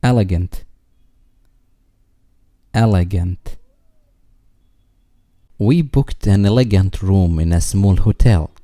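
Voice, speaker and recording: A man reads English vocabulary for a lesson, saying each word twice before an example sentence. He speaks very slowly in a dark, mellow voice set fairly low. The recording is dry and close. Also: no room sound. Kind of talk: slow scripted word-and-sentence reading.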